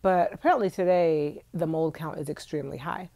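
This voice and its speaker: A young woman vlogger, congested with allergies, chats casually and directly to viewers on a live stream from indoors at home. Her deep, dark-toned voice moves a little fast, with no echo.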